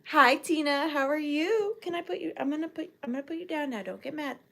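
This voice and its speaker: Seated in a chair at home, a young Southern woman runs a chatty vintage sale livestream, greeting viewers and baby-talking her rabbit in a sing-song coo. She sounds sleepy yet expressive, speaking a little fast with vocal fry in a high, fairly bright voice.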